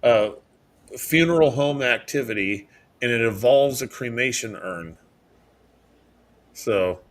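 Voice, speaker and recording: A man's voice: medium pitch, slow pace. Guy co-hosting a podcast, hesitant, lots of um and you know, casual chat. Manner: hesitant, many fillers and restarts. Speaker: podcast co-host. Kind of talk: casual chat reacting to videos.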